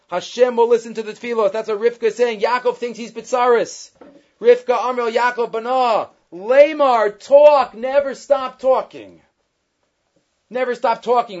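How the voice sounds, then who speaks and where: A man's voice: high voice, highs cut off. A man teaching a Torah class on the weekly portion, reading Hebrew texts and explaining them in English.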